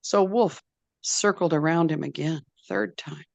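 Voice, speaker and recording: A woman storyteller telling a traditional tale in a slow, deliberate, repetitive way. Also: deep voice, gravelly, dry recording. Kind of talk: oral storytelling.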